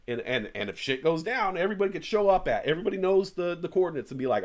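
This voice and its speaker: A man with a slightly high voice chats loosely on a live stream. He rambles from thought to thought, swears freely, and often trips over and restarts his words. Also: very animated, fast. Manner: rambling, profane, frequent restarts. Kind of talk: casual chat.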